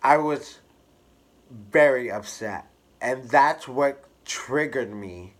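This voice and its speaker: A man candidly telling a personal story to camera in an expressive, drawn-out way. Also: medium pitch. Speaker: hairstylist vlogger.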